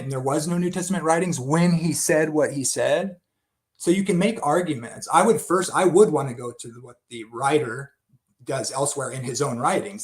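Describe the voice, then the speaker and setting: A man giving an unscripted Bible study talk, thinking aloud with many restarts and asides. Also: a little high.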